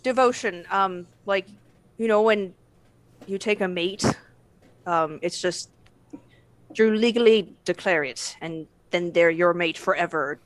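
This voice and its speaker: A woman's voice: lowish voice, measured pace, long pauses. A woman player in a tabletop game, speaking in character, hesitant and nervous, with many fillers. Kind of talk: in-character tabletop role-play.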